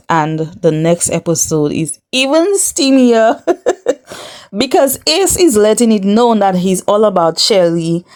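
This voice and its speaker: A woman runs a reality TV recap vlog, giving casual commentary to camera in a chatty, sassy way as she addresses her viewers directly and scolds the cast. Her voice is medium in pitch and a little mellow.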